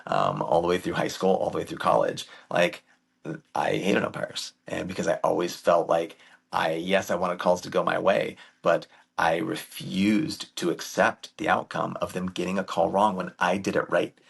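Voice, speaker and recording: A man with a deep, gravelly voice tells baseball stories as a podcast guest. He talks in an emphatic, lively way, and his tone is slightly husky. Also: normal speed. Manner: animated, emphatic storyteller. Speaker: guest, youth baseball coach and camp director. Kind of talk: casual storytelling conversation.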